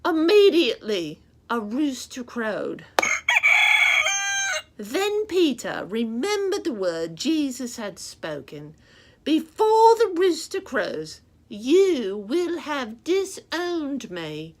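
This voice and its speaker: A woman's voice: sits high, very animated, drawn-out words, a little mellow, full character voice. A woman voicing a chatty rooster puppet who reads Bible stories to children, with a sing-song, rhyming way of talking straight to the kids. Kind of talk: children's show reading.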